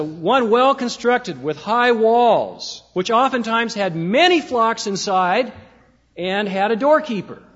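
A man preaching a sermon in a church, measured and slowing down to stress key words. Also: high voice. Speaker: pastor. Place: church sanctuary. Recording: dull lo-fi sound with long hall reverb.

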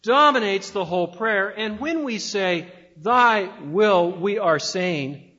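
Lively-voiced man preaching a sermon. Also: high voice, dull audio. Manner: emphatic preaching with dramatic pauses. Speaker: pastor.

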